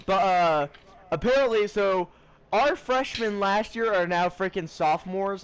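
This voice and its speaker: A teenage boy chatting casually to his vlog audience, tired and rambling, with excitable bursts. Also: fairly high pitch, clean tone. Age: teens. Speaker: high school student vlogger.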